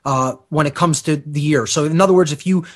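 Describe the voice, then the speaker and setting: Lecturing man with a higher voice. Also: a little fast. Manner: lecturing, often checks in with "okay?", many fillers and restarts. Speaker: guest on a radio talk show. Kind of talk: explanatory lecture-style talk.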